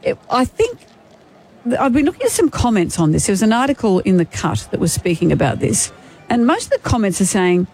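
A woman's voice: mid-range voice, big pitch swings, fairly quick, darkish tone, husky. A woman co-hosting a radio show, chatting casually and arguing her point with stammered restarts. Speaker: radio co-host. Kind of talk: casual on-air banter.

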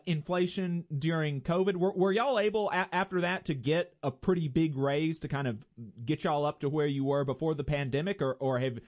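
A man interviewing a guest, asking rambling, hesitant questions full of fillers. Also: a little high. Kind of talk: conversational interview.

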